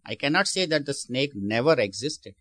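A man's voice: medium pitch, expressive, moderate pace, fairly bright tone, dry recording. Man giving a dry-voiced sermon. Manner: explanatory, asks the audience questions; repeats and restarts phrases. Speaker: spiritual teacher.

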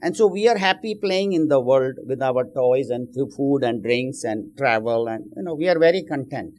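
Casting note: male spiritual teacher, mid-pitched, casual storytelling with frequent asides. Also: lively intonation, normal speed, darkish tone. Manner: conversational storytelling, frequent "you know". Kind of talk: spiritual discourse.

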